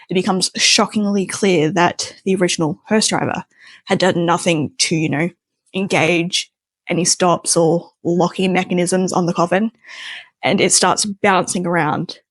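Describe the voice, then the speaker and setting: A woman's voice: lowish voice, no echo. A young adult woman telling a personal story in a chatty way, with plenty of casual fillers.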